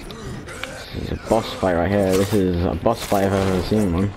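At a desk microphone, a gamer gives casual let's play commentary, rambling and joking about his gameplay. His low voice is sing-song at a moderate pace, with background noise.

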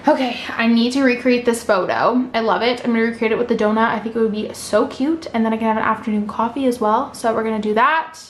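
A woman vlogging casually at home, gushing and excitable as she talks to the camera. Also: a little high, fast, few pauses, reverberant. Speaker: lifestyle vlogger. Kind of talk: casual vlog narration to camera. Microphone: vlog camera mic.

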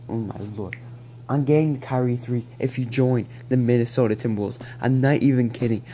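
Pleading, rambling young man with mellow voice. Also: mid-range voice, a little hiss or hum. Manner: pleading, rambling, begging and repeating himself. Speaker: vlogger. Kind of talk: excited fan rant to camera. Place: at home, near a balcony.

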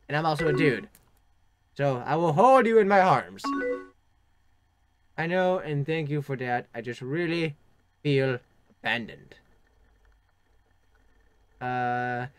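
A man's voice: mid-range voice, clean tone. A young man hosting a gaming channel, reading game chat aloud and adding crude, sarcastic jokes as he plays. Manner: joking, crude asides, sarcastic. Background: keyboard typing and clicks.

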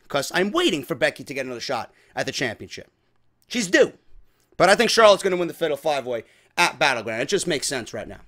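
A man with a fairly high voice reviews a wrestling show in a loose, profane rant. He sounds exasperated and often mocks what he describes. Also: pushed and bright. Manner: exasperated, profane, mocking impressions.

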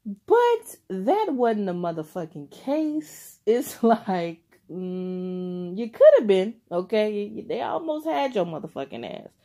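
Brief: young woman tarot reader, slow, loose delivery, frequent laughs, heavy swearing, speaks directly to the viewer. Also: mid-range voice, big pitch swings, mellow. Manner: profane, laughing often, speaking straight to the listener. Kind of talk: casual tarot reading to viewers.

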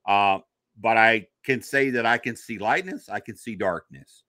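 Unhurried and fairly low-pitched, this man's voice comes through a dry recording. He's a paranormal investigator guesting on a podcast, relating a personal tale and dramatizing the voices he quotes like a lively storyteller.

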